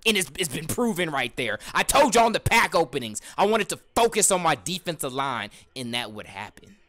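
Hyped man shouting over gameplay. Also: fairly high pitch, very animated, brisk. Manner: hyped, shouts at plays, slangy trash talk. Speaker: gaming video host. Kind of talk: excited gameplay commentary.

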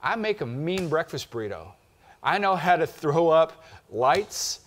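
A man's voice: fairly high pitch, sing-song, a little slow. A man co-hosting a casual filmmaking chat, loose and joking but emphatic. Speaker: filmmaker co-host.

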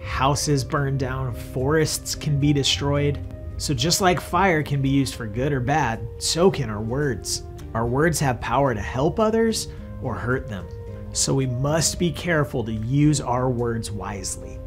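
A man's voice: medium pitch, animated, measured pace, soft background music. A man hosting a children's church show, giving a Bible lesson in a friendly, patient teaching tone. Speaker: kids' ministry host.

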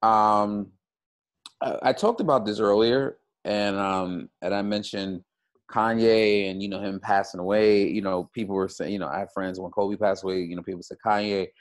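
A man's voice: lowish voice, fairly even intonation, moderate pace. A man co-hosting a podcast, talking in loose casual chat that rambles and leans on "you know" fillers. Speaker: podcast co-host.

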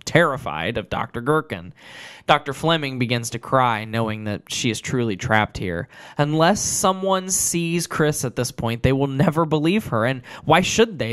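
A man telling a short story he wrote, in plain steady narration, then chatting loosely about it with fillers. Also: mid-range voice, clean tone, dry recording, studio quality. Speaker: storyteller and author. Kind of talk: reading a dark short story, then casual chat.

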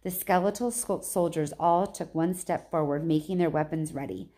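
A woman teacher reading a novel aloud in plain, even storytelling with small slips. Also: low-pitched, normal speed.

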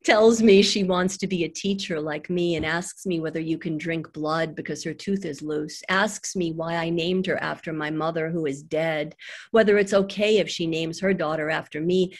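Ny poet lady, kinda low voice, reads slow and soft over a video call. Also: steady tone. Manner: slow, soft reading voice that drops low on the lines. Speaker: poet reading her work. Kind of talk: poetry reading with chat between poems.

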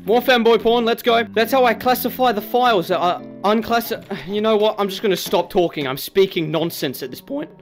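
A man's voice: high-pitched, brisk, hardly any pauses, music in the background. A young man, giving crude, rambling, jokey commentary while playing a horror game. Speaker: gaming YouTuber.

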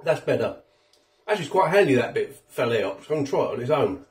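A man's voice: medium pitch, very animated, fast, roomy sound, far from the mic. A man with a chatty, rambling manner, reviewing food on his home vlog while he eats. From England. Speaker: food vlogger. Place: home kitchen.

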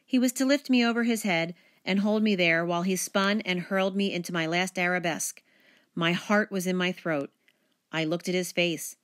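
A woman teacher reading a children's picture book aloud, with expressive, animated storytelling. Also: lowish voice.

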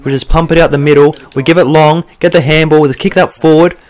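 Speaking fast in a slightly high voice, a young Australian man commentates on his own football video game. He's a gaming YouTuber doing let's play commentary, swearing, excitable and prone to bursts of frustration as he gets worked up.

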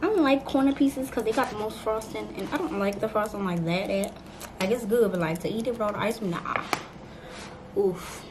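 A woman's voice: medium pitch, fairly quick. Chatty eighteen-year-old woman, noisy room. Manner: chatty, playful, talks straight to viewers. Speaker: vlogger. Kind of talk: casual chat to camera. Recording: noisy home recording.

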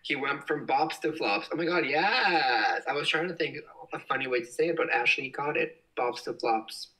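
A young man hosting a casual livestream, reading viewer comments aloud with excitable, giggly exclamations. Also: medium pitch, normal speed, distant mic, rough recording. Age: young adult. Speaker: livestream host. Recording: voice slightly off-mic.

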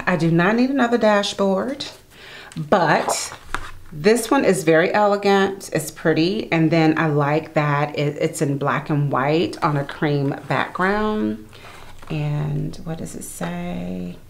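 A woman's voice: low-pitched, sing-song, slow pace, gravelly, slight background noise, low-quality recording. A woman chatting casually as she unboxes planner supplies and murmurs to herself while handling each item.

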